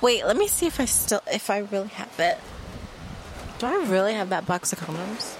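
A woman's voice: mid-range voice, very animated, moderate pace, noisy background. A woman in a casual, profane solo monologue from her room, brash and boastful, mixing playful trash talk with laughter.

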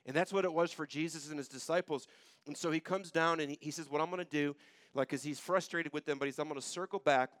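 A male pastor delivers a sermon in a casual, conversational way, putting scripture into plain everyday speech. His fairly high voice swings from loud, urgent passages to hushed, low ones. The recording is dry and close, with little room sound. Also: quick pace, no room sound.

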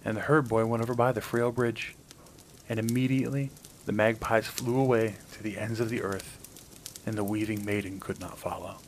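Low-voiced man reading a fairy tale. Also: fairly even intonation, moderate pace, slight background noise, poor audio. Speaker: storyteller host. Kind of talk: scripted storybook narration.

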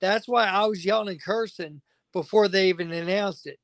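A man's voice: high-pitched, normal speed, fairly bright tone, no room sound. A man guest on a podcast interview, agitated and venting, swearing constantly. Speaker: fighter guest.

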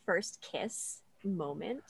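A woman's voice: lowish voice, lively intonation, drawn-out words, vocal fry, husky, no echo. A woman podcast host asking questions in a playful, candid, casual way. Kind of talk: casual interview chat. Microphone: video call.

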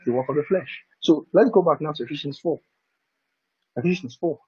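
A man teaches scripture in a very husky, somewhat high voice, speaking to his listeners as if in conversation and checking again and again whether they understand. He chuckles between his points. The recording is dull and lo-fi. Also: expressive, normal speed, darkish tone. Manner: conversational, keeps asking "do you understand?". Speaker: preacher. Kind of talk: bible teaching sermon.

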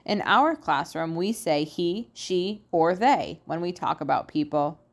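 A woman reading as a kind and patient female teacher. She explains gently, with a lively, rising and falling voice and an unhurried pace. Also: lowish voice, creaky. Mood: gentle.

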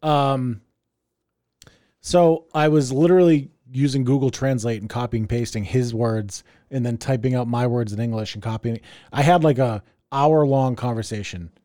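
A man's voice: mid-range voice, mellow, no room sound. Man, podcast host, casual rambling chat, swears a lot, laughs often, dry close sound.

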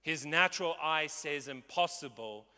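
A man's voice: fairly high pitch, normal speed, bright, forceful tone, big-room sound. A man in his twenties preaching a sermon with passion and emphasis. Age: 20s.

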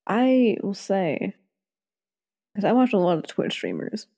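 A woman hosting a podcast in a relaxed, chaotic chat, laughing often. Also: medium pitch, measured pace, breathy edge. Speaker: podcast host. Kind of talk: casual chat.

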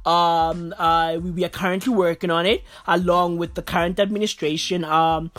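A woman's voice: on the low side, fairly even intonation, voice pushed down, natural voice. A woman impersonating a famous celebrity politician who stumbles through closing remarks at a conference, full of ums and uhs. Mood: pompous. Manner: halting, full of ums and uhs, repeats a film catchphrase.

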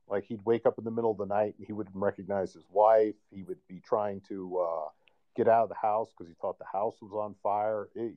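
A man's voice: lowish voice, muffled recording. A man on a podcast, telling a personal story in a loose, rambling way with plenty of fillers. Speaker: guest sharing a personal story. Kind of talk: casual podcast conversation.

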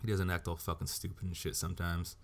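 A man's voice: deep voice, little pitch movement, fast, gravelly. A man hosting a solo podcast, ranting bluntly and swearing heavily as he talks. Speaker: podcast host.

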